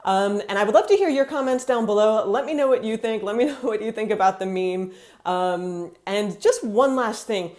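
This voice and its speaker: American woman vlogging, chatty and animated, acts out little quotes. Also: mid-range voice, moderate pace. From United States. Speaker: vlogger living in France. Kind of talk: casual talk to camera.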